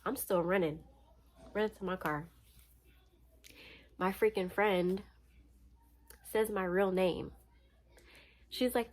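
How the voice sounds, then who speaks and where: A young woman from Florida, tired, telling a personal story in a casual, animated, slangy way. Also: medium pitch, slow pace, long pauses. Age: young adult. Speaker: vlogger.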